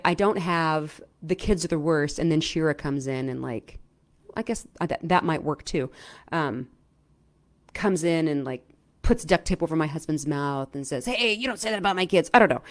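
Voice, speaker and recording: A middle-aged woman coaching viewers in a casual, chatty way, often checking in with "right?" and filling pauses with "um". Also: fairly low pitch. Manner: animated, chatty, lots of "right?" and "um". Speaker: self-help coach. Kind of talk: casual explainer talk to camera.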